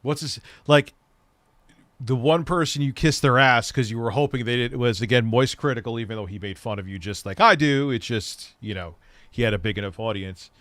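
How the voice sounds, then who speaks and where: A man's voice: medium pitch, brisk, fairly bright tone, dry recording. A man hosting a live stream, mocking and ranting with plenty of swearing as he reacts to a clip. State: recovering from a leg injury. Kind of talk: casual live-stream commentary.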